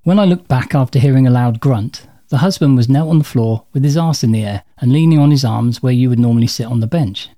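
Mellow-voiced man telling a wry anecdote. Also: mid-range voice, brisk, hardly any pauses. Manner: dry, wry understatement. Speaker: storyteller. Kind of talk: narrated personal anecdote.

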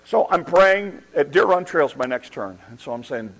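A middle-aged man preaching a sermon as a pastor, telling a story with animated, self-deprecating humor and excited restarts. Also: a little high, normal speed, creaky, rough recording. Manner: restarts and repeats words when excited.

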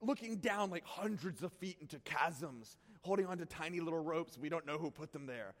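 High-voiced preacher in a reverberant hall. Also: male voice, normal speed. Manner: animated, self-deprecating, bursts into shouts. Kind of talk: sermon storytelling.

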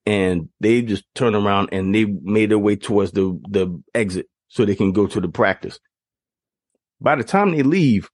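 Husky, expressive male storyteller, casual, dry close sound. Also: lowish voice, moderate pace, no echo. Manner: animated, laughs through the telling. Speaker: podcast host.

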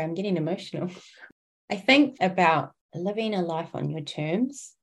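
Earnest motivational woman podcaster, low voice. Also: a little mellow. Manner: earnest, emphatic, swears freely, addresses listener as Mama. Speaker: podcast host. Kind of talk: motivational monologue.

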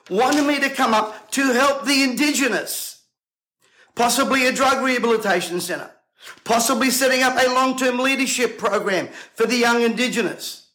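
A man's voice: very high voice, pushed and bright, low-quality recording. A man, a preacher talking straight to camera in an emphatic, combative way, firing off rhetorical questions. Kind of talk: indignant monologue to camera.

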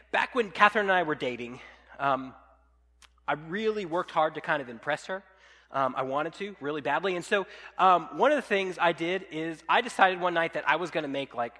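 Bright high-voiced pastor in a hall. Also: male voice. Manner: casual, animated storytelling with fillers. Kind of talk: sermon with a personal story.

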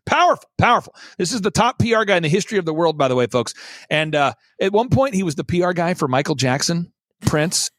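A man's voice: high-pitched, big pitch swings, fast, fairly bright tone, dry recording, studio quality. A man appearing as a guest on a talk show, telling a story in an emphatic, theatrical way and repeating points for emphasis.

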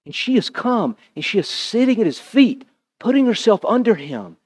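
A male pastor preaching a sermon in an animated, conversational way, with asides to the congregation. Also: sits high, normal speed, breathy edge.

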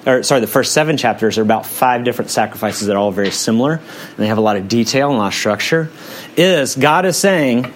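Male pastor, forties, mid-pitched, casual sermon delivery full of hedges. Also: animated, fast, a little hiss or hum. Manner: conversational, hedging with "kind of" and "um".

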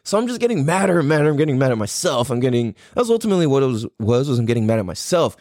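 Male podcast host, casual storytelling, swears a lot, lively swooping pitch, dry close sound. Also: rapid-fire, no room sound. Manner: profane, slangy, rambling with restarts; animated, voice jumps up when riled.

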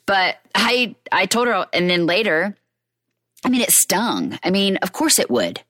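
A woman's voice: medium pitch, very animated, a little slow, fairly bright tone, dry recording, clean studio sound. A woman, a mother chatting candidly about parenting and talking straight to her listeners. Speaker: mother sharing parenting reflections. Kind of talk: casual personal monologue.

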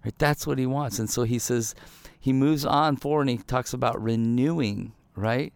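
A man's voice: mid-range voice, normal speed, vocal fry, clean tone, no echo. A man giving a casual, conversational sermon, talking loosely with lots of "like" and "right?" asides. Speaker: preacher.

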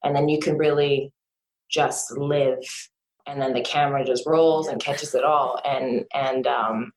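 A woman actor being interviewed in casual chat, animated and laughing often, trailing off and restarting as she talks. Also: a bass voice, a little slow. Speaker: actor guest. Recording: roomy echo.

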